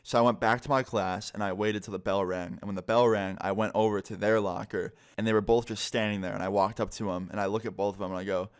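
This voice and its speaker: A young man vlogger telling a casual, profane high school story time, full of "like". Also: steady tone, quick pace, few pauses, clean tone.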